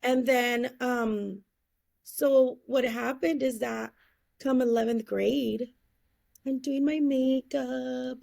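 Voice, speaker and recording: A woman's voice: high-pitched, fairly even intonation, slow, gravelly, a little mellow. A woman guest telling her life story in an interview, acting out the people she quotes and laughing often. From California, USA.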